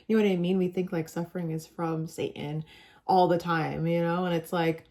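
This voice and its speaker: A young woman vlogger chatting casually, rambling with lots of filler words and getting animated when excited. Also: fairly low pitch, normal speed. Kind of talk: casual chat.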